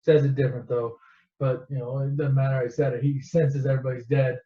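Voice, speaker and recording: A man's voice: medium pitch, level tone, fast talker, mellow. A man casually retelling a movie in a rambling, profane and sarcastic way. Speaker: storyteller. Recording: echoey dull lo-fi recording.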